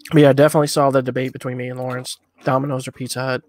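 A man's voice: medium pitch, flat delivery, very fast, darkish tone. A man co-hosting a casual podcast, chatting in an easygoing, rambling way while eating hot wings. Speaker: podcast co-host.

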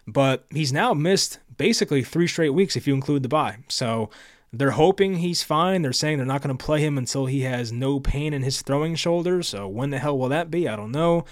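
A young man talks casually through his picks, hedging and second-guessing himself as he goes. His voice sits at an ordinary middle pitch. The sound is dry and close, with no room around it. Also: dry recording. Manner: casual, thinking aloud with fillers and second-guessing. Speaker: sports video host. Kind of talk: casual solo sports preview.

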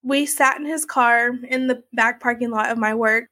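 Young woman telling her own story, kinda high voice, lots of "like" and "you know". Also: steady tone, moderate pace, pushed and bright. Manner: conversational, many fillers like "like" and "you know". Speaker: interviewee recounting her experience. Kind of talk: emotional personal storytelling.

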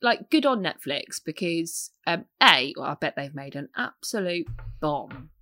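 A woman's voice: low-pitched, very animated, a little slow, sharp tone, no room sound, clean studio sound. A woman co-hosting a podcast in casual, enthusiastic chat. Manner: chatty, enthusiastic, laughs often. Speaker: podcast co-host.

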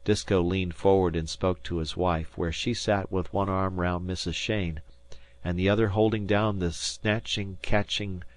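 A man narrating a classic novel as an audiobook in a measured, even storytelling manner. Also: low voice. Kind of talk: scripted narration.

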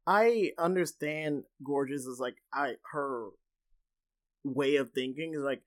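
A man co-hosting a casual film discussion, animated and full of "like" fillers. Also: medium pitch, takes it slowly. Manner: animated, filler-heavy, lots of "like". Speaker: podcast co-host.

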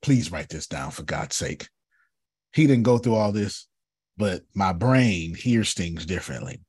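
A man, a bishop, giving an animated teaching talk on a video call, emphatic and repetitive, calling on listeners by name. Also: deep voice, unhurried, slightly rough, dry recording, studio quality. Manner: emphatic, repeats himself, calls on listeners by name.

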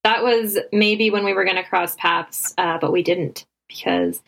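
A woman's voice: lowish voice, lively intonation, measured pace, creaky, fairly bright tone, poor audio. Upbeat woman interviewer, friendly casual host. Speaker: podcast host.

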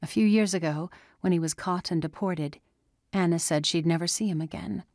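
A woman narrating an audiobook in a steady, even storytelling manner. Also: fairly low pitch, moderate pace, no echo, studio quality. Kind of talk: scripted narration.

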